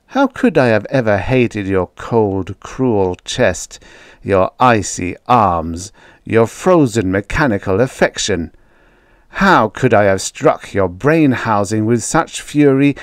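A man reading a dark vintage science fiction story aloud as scripted audiobook narration, in a slow, dramatic, musing first-person style. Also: on the low side, lively intonation, dry recording, clean studio sound. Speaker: audiobook reader.

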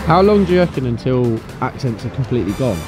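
A man's voice: mid-range voice, sing-song, quick pace. A man, a cameraman chatting curiously. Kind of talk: casual chat. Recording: background music.

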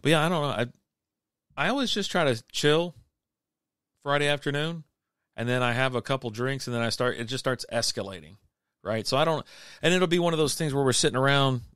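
A man's voice: medium pitch, brisk, long pauses, a bit bright, clean tone, dry recording, studio quality. Laid-back man rambling on a livestream. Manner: rambling, laid-back, lots of fillers and restarts. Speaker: livestream beer show host. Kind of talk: casual chat reading live comments.

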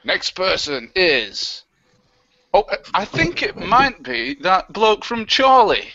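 A man hosting a live web show in an excitable, flustered, joking way, talking over a webcam on a video call. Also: high voice, slow pace, dull audio, a little hiss or hum.

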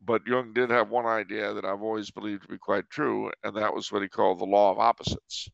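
A man's voice: on the low side, little pitch movement, fairly quick, gravelly, fairly bright tone, no echo. A man hosting a podcast, talking in a wry, digressive storytelling way. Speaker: podcast host. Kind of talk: casual conversational chat. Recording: dry, dull lo-fi sound.

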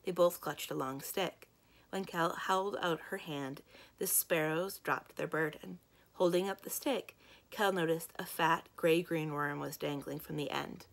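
Woman reading aloud with gravelly low voice. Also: a little slow. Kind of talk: children's book read-aloud.

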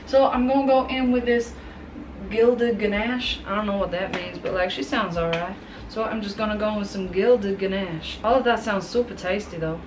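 A woman's voice: medium pitch, a little hiss or hum. Chatty woman in a roomy room. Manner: chatty, jokey asides to products and herself. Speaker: makeup vlogger. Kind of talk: casual makeup tutorial. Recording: roomy and distant from the mic.

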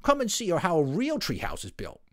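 A man's voice: sits high, wildly swooping pitch, moderate pace, no room sound, studio quality, voice pushed up. A man voicing a boastful, mocking young boy animal in a storybook. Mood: smug. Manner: taunting, smug.

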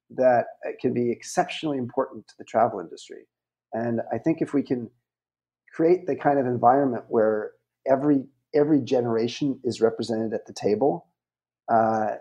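A middle-aged man, a podcast interview guest, giving reflective advice in measured phrases with some ums. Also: mid-range voice, warm tone.

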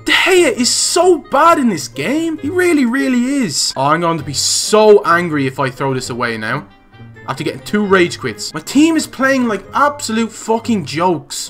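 Ranting young Irish gamer, high and bright. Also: male voice. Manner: swearing, exasperated ranting. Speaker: gaming YouTuber. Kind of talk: raging gameplay commentary.

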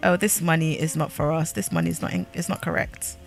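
A young woman giving casual, chatty commentary while playing a life-sim game, sassy and quick to laugh. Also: sits low, fairly even intonation, gravelly, soft background music. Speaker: gaming YouTuber.

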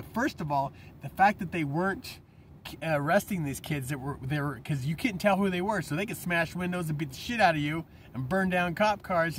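A man delivering a profane, rambling vlog rant, swinging between loud outbursts and low mutters. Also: a little hiss or hum. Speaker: vlogger. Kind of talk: ranting monologue.

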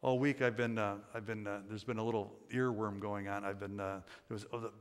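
A man's voice: fairly low pitch, fairly even intonation, brisk, clean tone. An older man preaching a sermon as pastor, in a folksy, conversational storytelling manner with many fillers. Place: church sanctuary. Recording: church sanctuary with long reverb.

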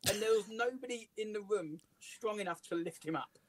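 English male comedian, high voice, animated storyteller, dry recording. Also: brisk, no echo. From England. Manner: lively, laughs through his stories. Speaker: comedian and writer, guest. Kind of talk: casual anecdotal storytelling. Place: office.

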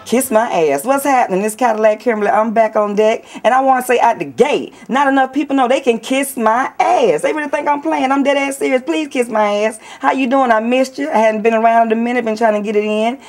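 A woman's voice: on the high side, fairly quick, few pauses, darkish tone, faint music behind. Brash, profane Southern woman ranting. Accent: Southern US, Atlanta area. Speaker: vlogger. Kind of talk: casual ranting vlog. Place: nail salon.

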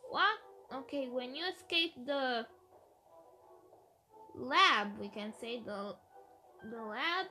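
A woman's voice: high-pitched, expressive, slow pace, long pauses, sharp tone, soft background music. A woman from Romania chatting casually about her game predictions, thinking aloud with hesitant restarts. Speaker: gaming video creator. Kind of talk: casual game-theory chat.

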